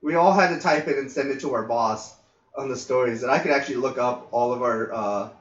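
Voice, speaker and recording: A man's voice: medium pitch, a little fast. Rambling man telling a story in a roomy lo-fi recording. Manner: rambling anecdotes with fillers and swearing. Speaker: podcast co-host. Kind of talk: casual storytelling. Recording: roomy, distant, dull lo-fi mic.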